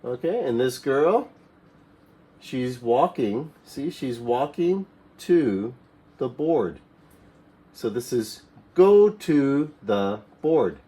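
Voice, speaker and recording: A man teaching a classroom English lesson to young learners, repeating simple commands slowly for them to echo. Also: medium pitch, expressive, warm tone. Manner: slow, repeats phrases for students to echo; mimics classroom commands in a raised voice.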